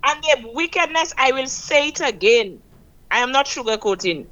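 Impassioned high-voiced Saint Lucian woman. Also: lively intonation, fairly bright tone, poor audio. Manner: impassioned, preachy, emphatic with slow drawn-out stresses. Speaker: caller. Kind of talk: call-in radio political rant.

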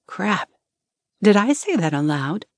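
A woman's voice: medium pitch, big pitch swings, slow pace, no room sound, clean studio sound, heavily acted. A woman voicing a flustered, easily rattled young woman who blurts and mutters in a storybook reading.

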